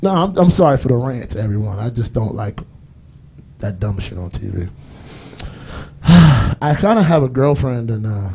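A man's voice: mid-range voice, sing-song, normal speed, vocal fry, long pauses, warm tone, husky. A man doing a loose, rambling stand-up comedy set on stage, acting out voices as he goes. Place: comedy stage before a live audience.

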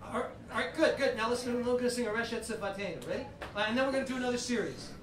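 A man's voice: extremely high pitch, very fast, a crowd in the background. A man leading a shofar service as cantor, chatty and joking as he conducts the congregation. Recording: echoey hall, far from the mic, noisy.

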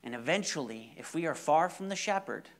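Animated high-voiced male preacher. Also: brisk. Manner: animated storytelling, repeats words, drops to near-whispers. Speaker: pastor. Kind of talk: sermon.

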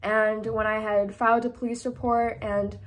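A woman's voice: fairly high pitch, little pitch movement, moderate pace. A young woman in her twenties speaking earnestly in a personal vlog, sharing a hard story and sometimes close to tears. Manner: earnest, emotional, tearful at times. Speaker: vlogger. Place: indoors, seated.

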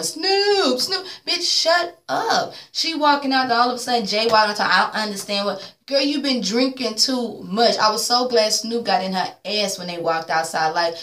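A woman's voice: fairly high pitch, a bit bright, a little hiss or hum. Woman, recap vlogger, blunt and sassy, swears freely, roomy echo. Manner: blunt, sassy, swears a lot, acts out quotes. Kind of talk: casual reality-TV recap rant.

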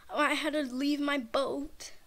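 A woman's voice: high voice, fairly even intonation, takes it slowly, a bit bright. A shaken, nervous woman gives rambling, frightened commentary on her own gameplay and keeps repeating herself. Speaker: gamer, channel host.

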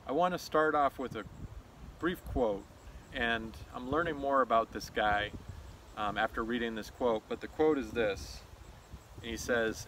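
Male host, reflective outdoor monologue, mid-pitched, thoughtful and unhurried, faint outdoor noise behind. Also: a bit bright, low-quality recording. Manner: thoughtful, unhurried, with fillers and restarts. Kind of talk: reflective walk-and-talk monologue. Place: outdoors on a nature trail.

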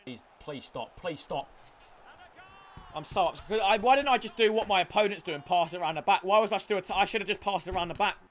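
A man giving excitable live commentary on his own gameplay, shouting and groaning at each play and talking to his viewers. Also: high-pitched, racing, hardly any pauses. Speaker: gaming YouTuber.

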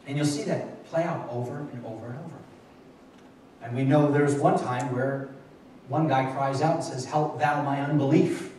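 A man's voice: mid-range voice, moderate pace, a little mellow, a little hiss or hum. Male pastor, plain talking sermon style with restarts; recorded from afar in a very reverberant church room. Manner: conversational and repetitive, with frequent restarts. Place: church hall at a midweek Bible study. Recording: echoey church room, mic far off.

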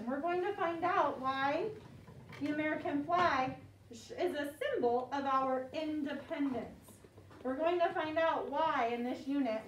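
A woman teaching second graders, saying words slowly and clearly for the class to repeat. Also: sits high, slight background noise. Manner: slow, clear call-and-response teaching. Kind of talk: classroom vocabulary lesson. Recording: echoey classroom mic from far off.

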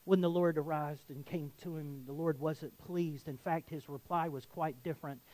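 Pastor guy preaching, kinda high voice, earnest, gets loud and pushy then drops quiet. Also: steady tone, normal speed, poor audio. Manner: earnest, rising to emphatic exhortation. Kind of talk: sermon.

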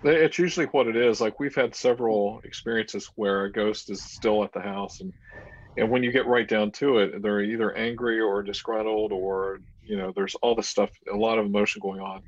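Man, low husky voice, animated storytelling, casual chat, dull lo-fi call audio. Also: moderate pace. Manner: animated storyteller, acts out dialogue. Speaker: paranormal investigator. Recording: muffled lo-fi video call audio.

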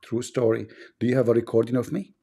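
A sarcastic host with an Arabic accent, his voice gravelly and rough with a husky edge. The tone is dark and mellow as he taunts and mocks his callers on a live stream. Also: medium pitch, flat delivery, fast. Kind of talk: mocking live-stream banter.

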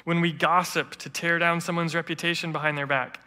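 A male pastor preaches with a bright, forceful, slightly high voice, his words carrying a long reverb through the church. He tells stories earnestly and warmly builds his point, pressing each line home. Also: a little fast, smooth. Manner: earnest storytelling preacher, quotes others in lively voices. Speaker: interim lead pastor. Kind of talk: sermon. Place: church sanctuary.

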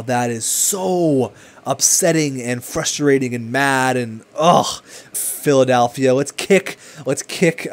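A young man giving casual, excitable commentary over a video game, swinging between hype and frustrated swearing. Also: medium pitch. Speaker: gaming commentator.

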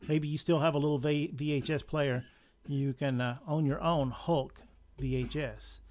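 A man's voice: fairly high pitch, steady tone, normal speed, a little mellow. Chuckling Southern man running a sale. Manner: chatty, chuckling, jokey asides. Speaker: comic shop owner running a live sale. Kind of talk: casual live sale patter.

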